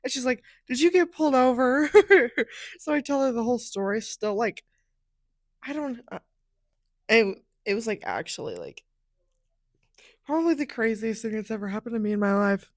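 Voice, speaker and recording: A young woman hosting a podcast, telling a personal story in a chatty, animated way, often saying "like", on a close microphone. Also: a little high, normal speed, long pauses, no room sound. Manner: animated, chatty, heavy use of "like". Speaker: podcast host.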